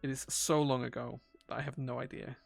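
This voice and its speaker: A man's voice: mid-range voice, little pitch movement, brisk, vocal fry, soft background music. A man, chatting casually on a live stream while he builds a keyboard. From England. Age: 40s. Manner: chatty, self-deprecating, reads chat aloud.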